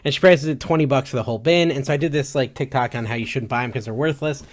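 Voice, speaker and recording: A man's voice: mid-range voice, quick pace. A man co-hosting a podcast, chatting casually and joking at his own expense. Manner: joking, self-deprecating. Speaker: podcast co-host. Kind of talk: casual chat.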